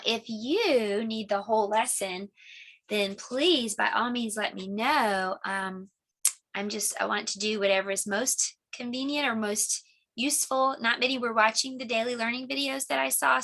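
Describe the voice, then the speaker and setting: A woman presenting a children's lesson video, gentle and teacher-like. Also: mid-range voice, gravelly. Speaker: homeschool teacher.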